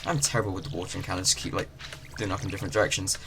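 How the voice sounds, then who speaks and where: This man's low, creaky voice comes rapid-fire with fairly even intonation. Hosting a gaming channel, he rambles chattily through a farming game, filling his talk with fillers. The game's ocean sounds run in the background.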